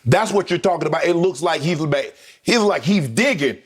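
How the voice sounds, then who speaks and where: A man co-hosting a sports debate show, talking casually with slang and acting out quotes in a lively way. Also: fairly high pitch, normal speed, slightly rough.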